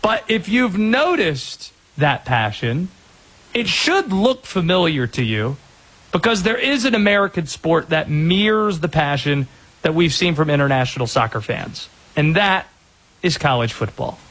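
A man hosting sports talk radio, energetic and opinionated, with quick asides. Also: a little high, husky, low-quality recording.

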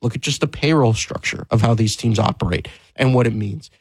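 A man's voice: medium pitch, brisk, breathy edge, no room sound, low-quality recording. A man hosting a sports talk show, speaking emphatically and candidly, pressing his points with rising stress and frequent restarts.

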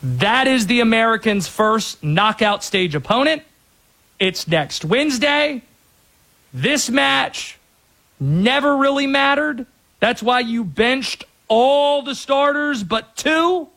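A man's voice: very high voice, lively intonation, slow, sharp tone. A man hosting a sports show, giving an emphatic, opinionated soccer analysis.

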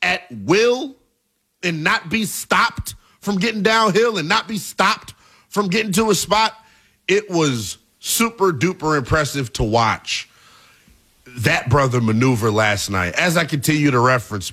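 Young guy hosting sports talk, high bright voice all over the place, pumped up and emphatic. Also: animated, a little slow. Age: 20s. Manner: emphatic, hyped, shouting at peaks. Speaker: sports show host. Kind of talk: animated sports talk commentary.

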